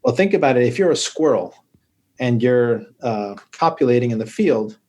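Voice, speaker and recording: The podcast interview features a urologist with a medium-pitched, slightly mellow voice, animated but moderately paced. He goes into long explanations and keeps them lively with humorous stories.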